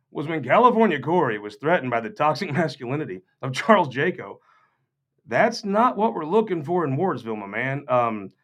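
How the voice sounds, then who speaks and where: A man from Missouri giving off-the-cuff, joking political remarks to a gathering, sardonic and rambling with mocking asides. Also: fairly high pitch. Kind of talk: off-the-cuff humorous political talk.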